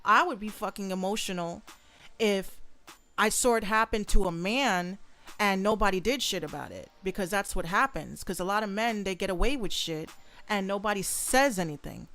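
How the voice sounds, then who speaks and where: A woman's voice: medium pitch, normal speed. A young adult woman hosting a casual solo podcast from her bedroom, talking bluntly with plenty of swearing. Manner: blunt, profane and animated. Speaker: podcast host and rapper.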